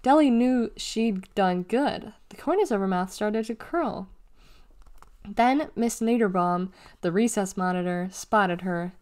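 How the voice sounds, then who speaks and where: Brief: woman narrator, mid pitch, steady storytelling read of a kids' novel. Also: measured pace. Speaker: reader. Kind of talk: reading a children's novel aloud.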